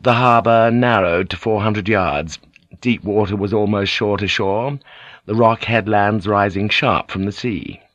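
A man reading an audiobook in a steady, measured narration. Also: lowish voice, no echo, lo-fi sound. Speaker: audiobook reader. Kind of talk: scripted narration.

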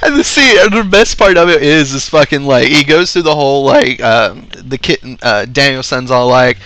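A man's voice: mid-range voice, normal speed, a bit bright, no echo. A man in casual chat who laughs and swears freely and jumps in with comments and his own story.

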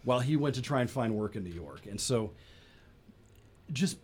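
A man's voice: medium pitch, expressive, moderate pace, darkish tone, husky. A man hosting a local radio talk show, chatting casually and encouragingly with guests and laughing often. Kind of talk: casual interview chat.

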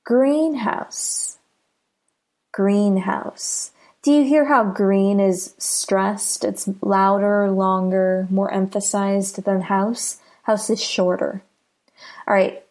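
A woman with an American accent teaching a pronunciation lesson, saying each example word three times with clear stress. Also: mid-range voice, a little mellow.

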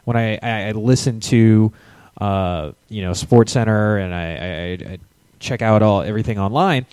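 A man's voice: fairly low pitch, normal speed, darkish tone, clean tone, no echo. A man co-hosting a live sports podcast, chatting casually and rambling with frequent stammered restarts. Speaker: podcast co-host.

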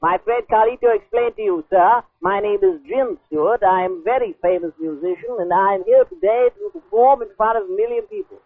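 A man's voice: high-pitched, big pitch swings, a little fast, few pauses. A man putting on a pompous phone prankster. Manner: mock-formal, then ranting and shouting. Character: pompous self-proclaimed famous musician demanding meatballs. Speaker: prank caller. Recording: tinny phone line.

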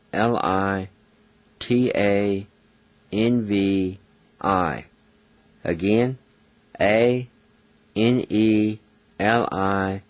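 A man teaching a language lesson, spelling out words and repeating each syllable slowly and patiently. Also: lowish voice, a little mellow, dry recording. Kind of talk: slow spelled-out pronunciation lesson. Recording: dull dry lo-fi recording.

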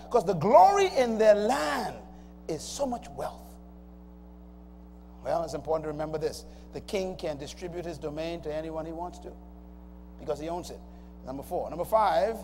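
A man's voice: high voice, darkish tone. A man preaching a sermon, emphatic and calling out to the congregation. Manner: emphatic call-and-response preaching. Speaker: pastor. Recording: long hall reverb, faint noise.

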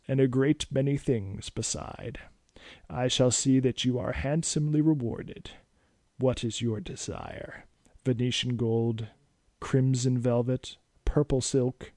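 A man voicing Dracula, a weary, formal old vampire nobleman who speaks slowly and courteously. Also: mid-range voice, dark tone, dry recording, clean studio sound. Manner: slow, formal, courtly speech.

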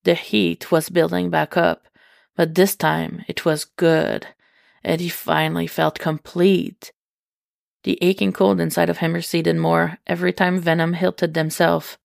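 A woman reading fiction aloud in a measured, unhurried way. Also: lowish voice, gravelly, no room sound, studio quality. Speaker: reader.

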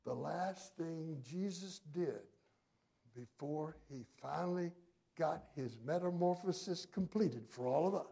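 A man preaching a sermon with a raised pitch and a gravelly edge to his voice. He drops to near quiet, then rises to loud, emphatic passages. His delivery is a pastor's, building on each point. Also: a little slow.

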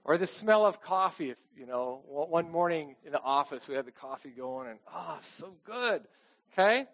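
A man's voice: a little high, animated, normal speed, a bit bright. Chatty pastor man, checking in often. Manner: chatty, self-deprecating, frequent "okay?" check-ins. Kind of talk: casual conversational sermon.

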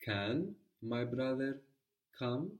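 A man's voice: medium pitch, animated, extremely slow, recorded from a distance. A man teaching a guided language lesson, patiently prompting his student with questions.

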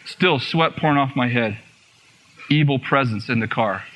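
A man giving a personal testimony in a sermon, telling his story in an animated way, acting out what was said and laughing often. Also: medium pitch, normal speed. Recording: muffled radio broadcast.

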